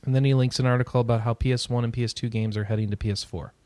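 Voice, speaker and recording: A man hosting a casual gaming news podcast, reading news items and adding relaxed asides. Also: medium pitch, very fast, no echo. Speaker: podcast host.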